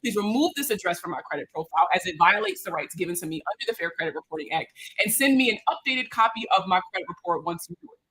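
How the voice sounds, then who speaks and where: A woman with a Baltimore accent, a credit repair consultant, answering viewers' questions in a casual livestream, animated and slangy, joking with her audience. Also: fairly low pitch, fast talker, hardly any pauses, breathy edge, rough recording.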